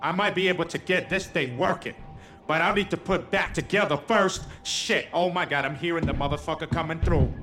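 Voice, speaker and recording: A young man giving loud, profane, panicky commentary while playing a horror game. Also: fairly high pitch, brisk, soft background music. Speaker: gamer streamer.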